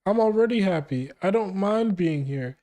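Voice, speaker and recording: A man voicing a young girl who is gentle and devoted to her mother, speaking softly and pleadingly. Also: high voice, animated, moderate pace, pitched above the performer's own voice.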